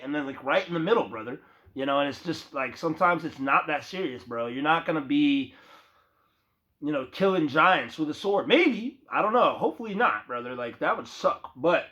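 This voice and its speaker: Slightly high and fairly bright, the voice belongs to a young man vlogging to his audience in a loose, slangy, profane ramble where he calls the viewer "bro." The phone recording sounds dull and lo-fi.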